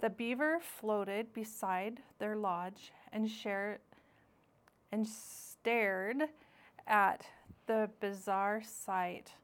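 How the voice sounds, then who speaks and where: A woman narrating a children's audiobook, reading clearly. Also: mid-range voice.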